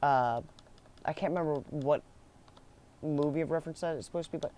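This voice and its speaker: A young man chats loosely about his school days, restarting sentences and laughing along the way. His voice sits a little high and sounds smooth and clear. He swears offhandedly and keeps the story loose. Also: fairly quick, a little mellow. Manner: rambling, laughing, swears casually, many restarts. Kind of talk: casual storytelling chat.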